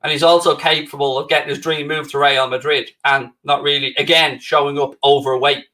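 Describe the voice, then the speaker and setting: A man's voice: a little high, level tone, fairly quick, sharp tone. A middle-aged Irish man co-hosting a football stream, chatting casually and teasing viewers with sarcasm. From Ireland. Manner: banters with chat, sarcastic and teasing. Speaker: co-host of football watchalong stream. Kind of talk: casual live-stream chat.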